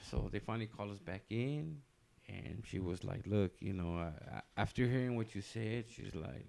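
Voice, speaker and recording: A man's voice: fairly low pitch, lively intonation, moderate pace, creaky, a little mellow. A man telling a long personal story on a casual podcast, rambling loosely with many fillers and restarts.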